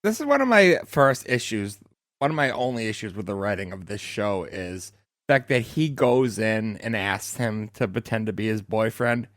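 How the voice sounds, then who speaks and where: A man's voice: fairly low pitch, animated, moderate pace, fairly bright tone, dry recording, studio quality. Earnest man giving podcast opinions. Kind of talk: casual chat.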